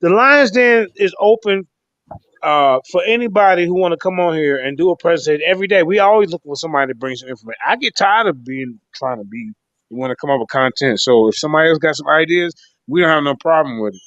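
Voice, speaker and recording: A man's voice: a little high, animated, fast talker, a bit bright, dry recording. A man hosting a casual online debate call, talking emphatically, often restarting his sentences and cutting in to steer the talk. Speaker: livestream debate show host. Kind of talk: casual online group chat. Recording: dull lo-fi online call audio.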